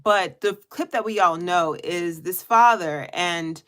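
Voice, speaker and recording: A woman chatting casually to her viewers in a weekly live check-in video. She laughs often and throws in animated quoted asides. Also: fairly low pitch, slow. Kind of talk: casual chat. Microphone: headphones on.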